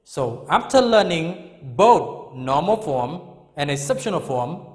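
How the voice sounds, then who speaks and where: Lively, high-voiced male teacher. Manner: repeats example sentences slowly, checks in with "Okay?" and "Understand?". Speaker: English teacher. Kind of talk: classroom grammar lesson. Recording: echoey room with long reverb.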